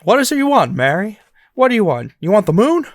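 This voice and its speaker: A man impersonating George Bailey, eager and high-pitched. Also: fairly quick, dry recording, clean studio sound. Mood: eager, earnest. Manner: raised, excited, rambling delivery. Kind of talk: comic movie impression.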